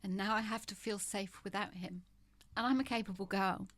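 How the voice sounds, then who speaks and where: A woman's voice: medium pitch, fairly even intonation, normal speed, fairly bright tone. A woman in her fifties, a podcast guest, talking frankly and often laughing as she moves between humor and grief. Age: 50s. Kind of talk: candid conversational interview.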